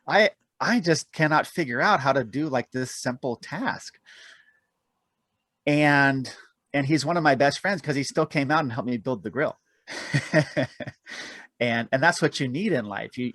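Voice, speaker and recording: A man spins long adventure stories as a podcast guest, often laughing at his own mistakes. His voice sits at an ordinary middle pitch. The sound is dry and close, with almost no room in it. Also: no room sound. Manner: animated self-deprecating storyteller, laughs often. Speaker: guest, aerial cameraman and author. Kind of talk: podcast interview storytelling.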